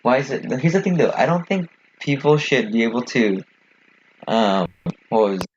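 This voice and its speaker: A young man co-hosting a casual podcast chat, talking fast and rambling with lots of fillers and swearing. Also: mid-range voice, expressive. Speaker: podcast co-host. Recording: dull lo-fi sound with faint noise.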